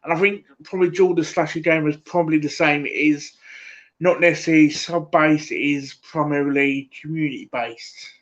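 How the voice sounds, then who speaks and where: A man's voice: fairly high pitch, steady tone, fairly bright tone. Rambling Essex man on a lo-fi stream. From England. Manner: rambling, halting, full of fillers and "mate". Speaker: livestream host. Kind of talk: casual live-stream chat.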